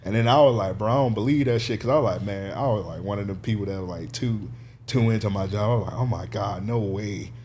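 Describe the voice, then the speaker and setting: A podcast co-host with a lowish voice talks fast in casual chat, telling stories animatedly, laughing often, and acting out quotes. The recording carries a little hiss or hum.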